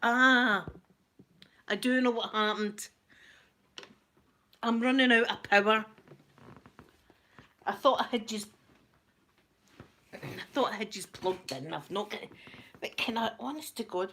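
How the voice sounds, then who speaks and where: A woman's voice: mid-range voice, a little slow, long pauses, pushed and bright. A Scottish woman chatting casually to her viewers at home through a laptop, self-mocking and laughing often. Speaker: ASMR vlogger.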